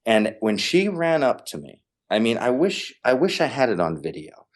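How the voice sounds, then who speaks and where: A man, a podcast guest, telling a family story in casual conversation, animated and emphatic, repeating phrases for effect. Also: medium pitch, normal speed.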